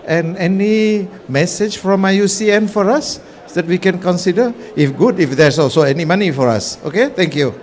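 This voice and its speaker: A man chairs a conference panel and puts informal, halting questions to the panelists. His voice sits a bit high for a man. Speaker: session moderator. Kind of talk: moderating a panel. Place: conference pavilion.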